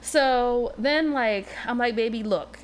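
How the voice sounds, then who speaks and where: Animated woman telling stories. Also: on the high side, takes it slowly, a little hiss or hum. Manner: animated storyteller, acts out quoted dialogue. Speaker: podcast co-host. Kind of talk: casual chat.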